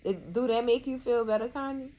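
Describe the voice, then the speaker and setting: A woman giving casual TV recap commentary in a sassy, animated way, scolding the characters and calling her viewers cousins. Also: a little high, fairly quick, highs cut off. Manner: colloquial, addresses viewers as cousins.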